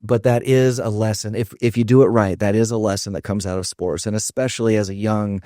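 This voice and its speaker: A man's voice: on the low side, steady tone, a little fast, dark tone, no room sound, studio quality. A man hosting a podcast interview, affirming and reflective, drawing lessons and asking follow-up questions. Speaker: podcast host. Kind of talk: conversational interview.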